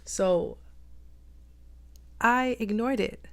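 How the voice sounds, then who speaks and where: A woman's voice: a little high, very slow. A woman talking in a reflective personal vlog, emphatic and repeating phrases for stress. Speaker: vlogger.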